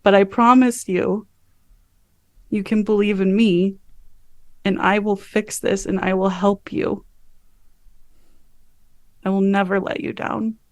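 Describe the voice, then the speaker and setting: A devoted woman trying to reach her frightened partner, as a woman player voices her. She speaks softly and earnestly, unhurried and soothing, in a close, dry recording. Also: mid-range voice, little pitch movement, dry recording. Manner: soft, soothing, earnest reassurance.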